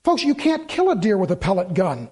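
The preacher, a middle-aged man, has a notably high and husky voice and moves at a brisk clip. Animated in his storytelling, he mimics the voices of people he quotes and restates key points for emphasis.

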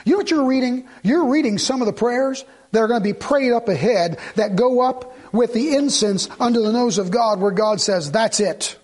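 High-voiced preacher asking rhetorical questions. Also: male voice, moderate pace, few pauses, a little mellow. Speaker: pastor. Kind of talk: sermon.

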